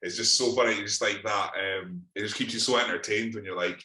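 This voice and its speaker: A man's voice: fairly low pitch, steady tone, fairly quick, bright, forceful tone, roomy sound. A Scottish man co-hosting a podcast, telling gym stories in sweary, laughing casual chat. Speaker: podcast co-host.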